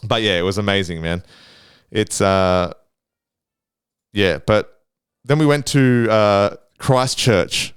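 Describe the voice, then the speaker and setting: A man's voice: lowish voice, takes it slowly, long pauses, clear, resonant tone, no room sound, studio quality. Laid-back, swearing young man rambling. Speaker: podcast host. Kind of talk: casual storytelling.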